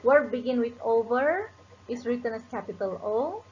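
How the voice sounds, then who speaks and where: A woman's voice: on the high side, expressive, moderate pace. A woman teaching a recorded lesson, spelling out letters one by one. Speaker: shorthand teacher. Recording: dull lo-fi recording with faint noise.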